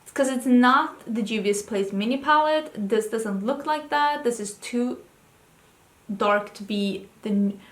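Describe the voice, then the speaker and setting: A young adult woman vlogger chatting casually and thinking aloud, excitable and full of questions. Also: on the high side, measured pace. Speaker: beauty vlogger. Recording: roomy echo.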